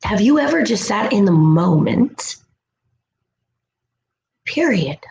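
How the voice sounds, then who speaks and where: A woman giving a motivational self-help talk as a spiritual vlogger, animated and slipping into playful voices for asides. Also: medium pitch, slow pace, vocal fry. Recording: echoey room with faint noise.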